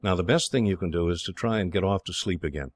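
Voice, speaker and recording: A man's voice: low voice, quick pace, no echo, studio quality. A man voicing a cheerful, protective young Englishman who speaks kindly but firmly.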